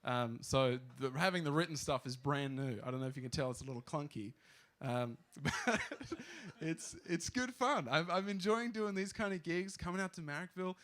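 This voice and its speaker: A man's voice: a little high, normal speed, fairly bright tone. A young Australian man from Queensland telling a rambling, self-deprecating stand-up story with lots of fillers. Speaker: stand-up comedian.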